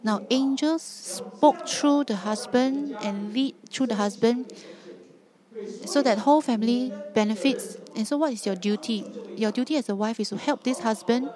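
A woman's voice: fairly high pitch, moderate pace, crowd noise. Earnest woman preaching with emphatic repetition. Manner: earnest, emphatic, repeats phrases for stress. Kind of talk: sermon.

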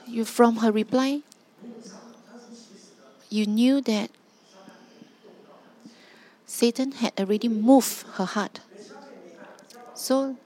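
A woman's voice: on the high side, fairly even intonation, extremely slow, pauses often, mellow. A woman preaching a sermon, emphatic and driving points home with repeated rhetorical questions.

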